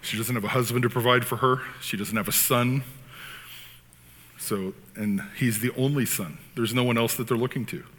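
A man preaching a sermon as pastor, talking in an animated, conversational way with frequent asides. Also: mid-range voice, normal speed, a little hiss or hum. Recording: long hall reverb.

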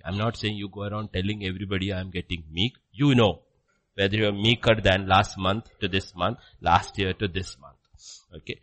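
Preacher man with wildly swinging delivery. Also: lively intonation. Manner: dramatic swings between loud exclamations and hushed low asides; acts out dialogue with rapid questions and answers. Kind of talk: sermon.

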